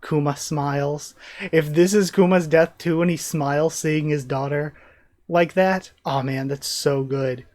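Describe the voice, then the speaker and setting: A man hosting a live manga reaction, reading panels aloud and commenting excitedly. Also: on the high side, a little slow. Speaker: reaction channel host.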